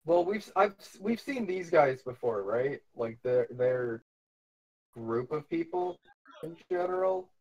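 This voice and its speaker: A man's voice: medium pitch, lively intonation, slow, darkish tone, poor audio. A man playing a tabletop game, chatting casually with swearing and restarts. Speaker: player.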